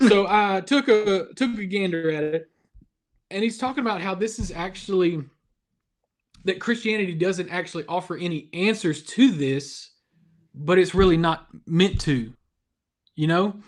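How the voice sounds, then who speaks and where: A man's voice: high-pitched, normal speed. A man hosting a casual youth devotional over a video call, chatty and self-deprecating. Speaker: youth ministry devotional host.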